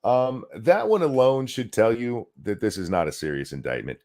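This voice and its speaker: A man hosting a live political commentary stream, sarcastic and animated, reacting to clips and thanking donors. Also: medium pitch, moderate pace.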